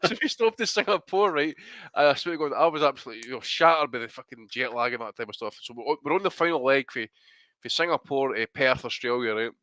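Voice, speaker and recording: A Scottish man on a boxing podcast, swapping stories in loose, swearing banter and breaking into laughter. His voice is bright and forward. It is recorded dry, with no room sound. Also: mid-range voice, animated, quick pace, dry recording. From Scotland. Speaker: podcast co-host. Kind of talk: casual chat.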